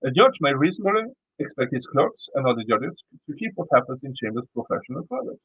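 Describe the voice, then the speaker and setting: A man's voice: mid-range voice, very animated, quick pace, a bit bright, husky, no room sound, rough recording. A man with a Swedish accent reading a legal motion aloud and commenting on it, often stumbling and repeating words as he reads. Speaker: YouTube commentator.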